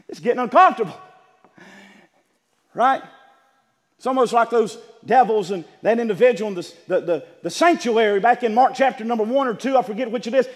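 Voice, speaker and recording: A man preaching a sermon, moving from quiet talk to shouted passages and acting out what people say. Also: expressive, brisk, in a large hall. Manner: builds from low talk to shouted preaching, acts out quotes.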